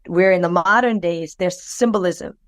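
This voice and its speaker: Her voice fairly low and her pace moderate, a woman co-hosting a podcast recounts a personal story in a dry recording. The telling is loose and full of fillers and restarts, and she brings it to life by performing other people's voices.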